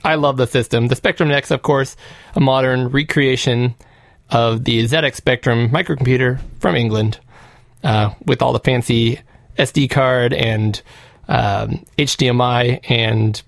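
A man's voice: medium pitch, steady tone, unhurried, creaky, no room sound, studio quality. A man co-hosting a casual podcast about retro games, laughing often and reading out lists of titles. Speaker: podcast co-host. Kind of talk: casual chat.

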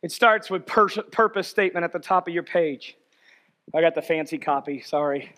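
A man preaching a sermon as a pastor, shifting between shouted exhortation and quiet, chatty storytelling. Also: fairly high pitch, normal speed.

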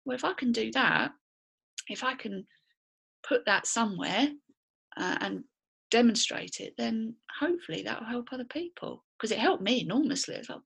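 A woman on a podcast with a husky, breathy voice and a gravelly fry underneath. She talks candidly and bluntly, in a loose conversational flow. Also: a little high, lively intonation, moderate pace, fairly bright tone. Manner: candid, chatty and blunt, swears freely. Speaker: podcast co-host. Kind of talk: casual podcast chat.

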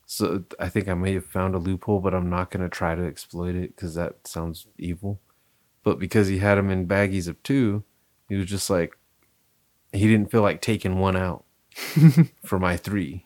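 A young man chatting loosely and telling a rambling anecdote, quick to apologize for talking over others. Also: sits low, fairly even intonation, darkish tone. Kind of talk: casual chat.

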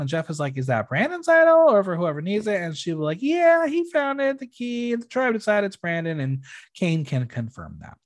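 Animated, opinionated man recapping a show. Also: on the high side. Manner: opinionated, expressive, swears freely. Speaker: podcast host recapping a reality show. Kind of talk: casual recap chat.

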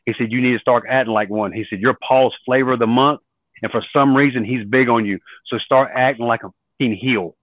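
A man recounting his career as a guest, slipping into the voices of the people he quotes. The sound is thin and tinny like a phone line, with no room around it. His voice sits at an ordinary pitch. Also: a little fast, no room sound. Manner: animated storyteller acting out quoted voices. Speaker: podcast guest, former wrestler. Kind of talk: storytelling in an interview.

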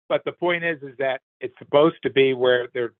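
A man's voice: medium pitch, moderate pace, dry recording. An older man, the host's father, rambling earnestly through his opinions in a casual commentary. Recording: tinny phone line.

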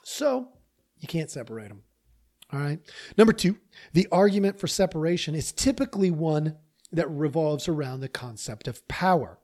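A man hosting a podcast, delivering an emphatic opinion monologue straight to his listeners, with an animated, persuasive manner. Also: a little high, normal speed. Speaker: podcast host.

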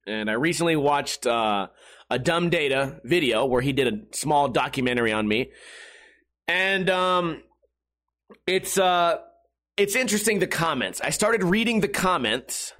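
A man hosting a podcast, ranting in a casual comedic monologue, excitable and profane with rambling restarts. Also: on the high side, normal speed. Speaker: podcast host.

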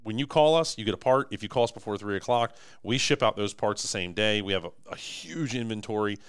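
A young man chatting enthusiastically on a podcast about his company, his voice going hoarse. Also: on the low side, expressive, brisk, dry recording, clean studio sound. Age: young adult. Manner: enthusiastic, emphatic salesman. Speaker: podcast host, manufacturing company owner. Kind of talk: casual podcast chat.

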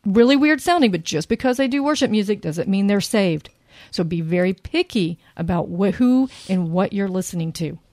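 A woman co-hosts a casual faith chat with an earnest, animated way of talking. Her voice sits at a medium pitch. The sound is dry and close, with no room echo. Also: moderate pace. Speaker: podcast co-host.

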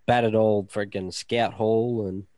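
A man's voice: lowish voice, fairly even intonation, a little slow, dark tone, no echo. A man with an Australian accent co-hosting a podcast, talking in a blokey, slangy way with casual swearing. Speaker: podcast co-host. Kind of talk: casual chat.

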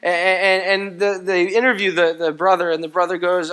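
A man preaching a sermon as pastor, telling stories in a playful, animated way. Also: high voice, fairly quick, hardly any pauses. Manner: animated storytelling, playful and comic. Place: church.

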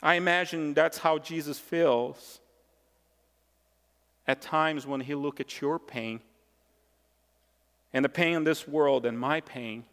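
A man's voice: on the high side, slow, pauses often, a bit bright, clean tone. A male pastor delivering a sermon with emphatic, repeated phrases. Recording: long reverb of a large hall.

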